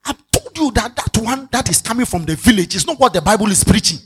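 A pastor with a Ghanaian accent preaching a sermon, animated, mixing English with Twi and acting out everyday scenes, now and then shouting for emphasis. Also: mid-range voice, fast, hardly any pauses, slightly rough.

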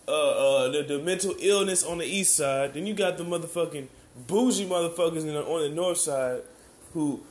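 An American man in a heated, profane, rambling monologue, often asking "you know what I'm saying". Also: on the high side. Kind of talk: ranting monologue.

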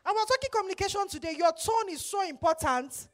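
High-voiced woman pastor preaching. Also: lively intonation, fast talker, few pauses. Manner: emphatic, acts out quoted voices, repeats phrases. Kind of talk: sermon.

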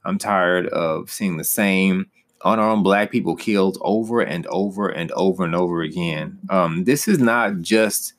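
A man's voice: deep voice, unhurried. A young man teaching as a pastor in an earnest, personal way, rising with emphasis on key points. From United States.

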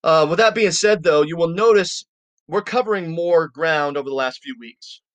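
A man with a voice pitched a little above average leads a podcast Bible teaching. He reads scripture aloud and then unpacks it in loose, everyday language, talking to his listeners in a friendly, informal way. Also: normal speed, no room sound. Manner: reads scripture, then explains it in plain casual talk; informal, addresses listeners as "you guys".

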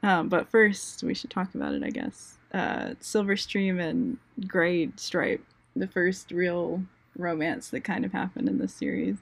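A woman's voice: lowish voice, big pitch swings, unhurried, gravelly, no room sound. A woman co-hosting a book podcast in casual chat, joking and giggling often.

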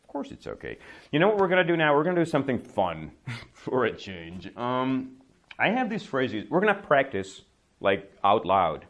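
A man's voice: mid-range voice, big pitch swings, normal speed, fairly bright tone. A man teaching a conversational English lesson, telling a story casually and acting out what people mutter. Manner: storytelling, acts out mumbling voices, laughs often; bilingual, switches to Czech to explain.

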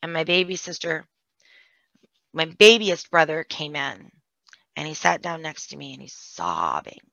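A woman candidly recounting a painful family story in an emotional way, with vocal fry. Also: sits low, expressive, measured pace, a bit bright, no room sound. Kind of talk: personal storytelling. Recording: dull, dry lo-fi sound.

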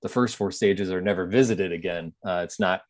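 A man's voice: low voice, fairly quick, dry recording, studio quality. A man speaking as an interview guest, telling his story in an earnest, reflective way. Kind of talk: conversational interview.

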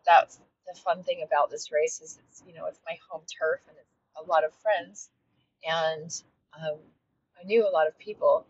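A woman hosting a podcast and coaching fitness, talking in a heartfelt, reflective solo monologue with frequent restarts. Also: fairly low pitch. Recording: dull, slightly lo-fi with faint noise.

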